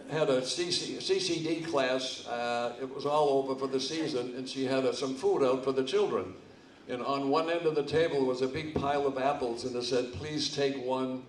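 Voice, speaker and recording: A man's voice: mid-range voice, far from the mic, a little hiss or hum. Older man telling jokes in an echoey hall. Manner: slow, halting delivery with restarts. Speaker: amateur comedian at a charity comedy night. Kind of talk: stand-up joke telling. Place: hall with a live audience. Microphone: stage microphone, speaking from a distance.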